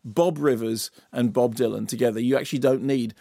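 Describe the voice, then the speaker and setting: A man co-hosting a radio show, bantering in a teasing, playful way and quick to laugh. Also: medium pitch, fairly even intonation, vocal fry, dark tone, no echo, studio quality. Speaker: radio co-host.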